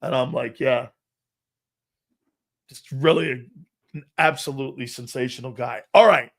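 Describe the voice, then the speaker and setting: A man hosting a sports talk show, rambling through stories and growing animated as he reads out a list. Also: mid-range voice, normal speed, gravelly. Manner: rambling storyteller, animated when reading a list. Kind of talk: casual sports talk monologue.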